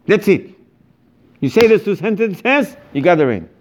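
Emphatic higher-voiced man lecturing on religion. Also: a little slow. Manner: emphatic, animated, broken English with repetitions. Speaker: rabbi giving a Torah lecture.

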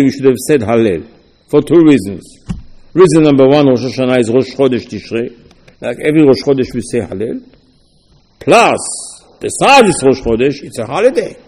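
A man giving a Torah lecture as a rabbi, arguing back and forth through rhetorical questions in a lively, animated way. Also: on the high side, long reverb tail.

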